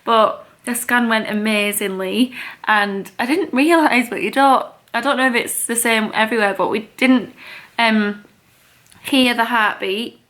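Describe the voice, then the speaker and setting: A young woman vlogging in a casual, chatty way, excitable and gushing. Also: a little high. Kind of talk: casual vlog chat.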